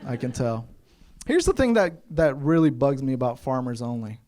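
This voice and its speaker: A young man from Kentucky does a stand-up set on a comedy club stage before a live audience, his voice mid-range and his pace normal. He tells his stories with animation and acts out the voices of the other people in them.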